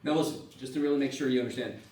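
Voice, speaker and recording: A man's voice: mid-range voice, fairly even intonation, rapid-fire, darkish tone, a little hiss or hum. A man teaching a university math class, casual and joking, swearing freely as he explains. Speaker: math lecturer. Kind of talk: classroom lecture. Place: lecture classroom. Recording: echoey classroom from far off.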